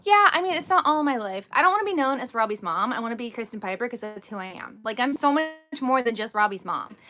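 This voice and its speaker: A woman in her thirties hosting a casual live stream from home, chatting and telling rambling stories in an animated way. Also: a little high, fast talker.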